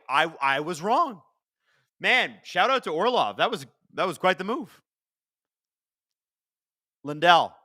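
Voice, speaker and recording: A man hosting a live watch-along of a hockey game, chatting casually and reacting excitedly to the plays. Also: high voice, dry recording, studio quality. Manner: chatty, excitable, swears casually, talks to chat. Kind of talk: casual live-stream commentary.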